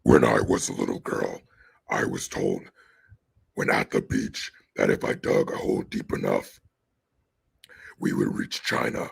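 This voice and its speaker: A man voicing a mocking old female demon politician in a raspy, gravelly impression. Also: fairly even intonation, unhurried, pauses often, heavily acted. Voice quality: extremely deep, gravelly, raspy.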